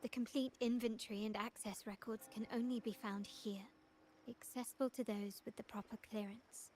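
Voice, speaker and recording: An actress voicing a poised young noblewoman and family heir in a video game, speaking in a composed, measured, commanding way. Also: on the high side, fairly even intonation, darkish tone, slight background noise, lightly acted. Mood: calm resolve.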